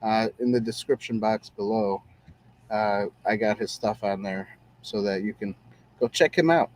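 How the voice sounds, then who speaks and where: A man's voice: fairly low pitch, moderate pace, darkish tone, a little hiss or hum. A man hosting a casual show-review podcast, talking in an easygoing, rambling way with many fillers. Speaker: podcast host.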